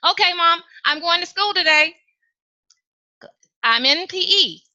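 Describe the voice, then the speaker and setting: A woman voicing a small, sheltered little girl who pleads and complains in a high voice. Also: animated, measured pace, sharp tone, highs cut off, full character voice. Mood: pleading.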